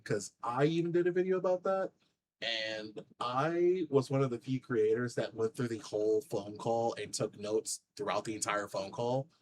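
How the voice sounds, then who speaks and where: A man in a middle pitch talks through casual reaction commentary as the host, blunt and indignant. He fills gaps with plenty of ums and likes, with a faint hiss of noise under his voice. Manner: blunt, indignant, many fillers.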